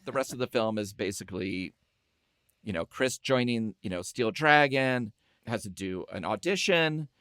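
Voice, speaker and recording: Brief: a man hosting a podcast, casual film chat, animated storyteller, dry close sound. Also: on the low side, normal speed, clean tone, no echo. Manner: animated storyteller who acts out quotes.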